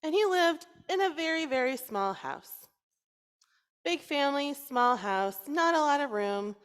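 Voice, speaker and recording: A woman rabbi telling a story to children during a service, lively and playful as she coaxes them to join in. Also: high-pitched, unhurried. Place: synagogue sanctuary. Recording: long reverb in a large hall.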